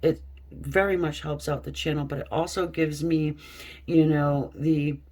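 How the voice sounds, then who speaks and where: A woman giving a casual tarot reading, reading card texts aloud slowly with chatty asides to her viewers. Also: deep voice, fairly even intonation, darkish tone. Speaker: tarot reader.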